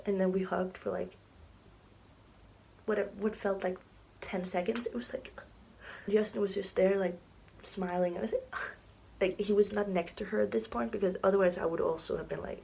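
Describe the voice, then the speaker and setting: A woman's voice: mid-range voice, fairly even intonation, moderate pace, vocal fry, warm tone, slight background noise, poor audio. A young woman telling a story on her vlog in a chatty, casual way, full of fillers and often dropping into a whisper. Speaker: vlogger. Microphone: camera mic, sitting to film.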